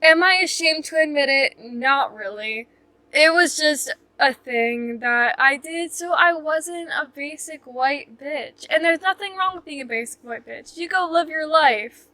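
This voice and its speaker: Bright high-voiced young woman vlogger. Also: a little slow, no echo. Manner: rambling, full of "like" fillers, self-mocking. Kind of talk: casual storytime chat.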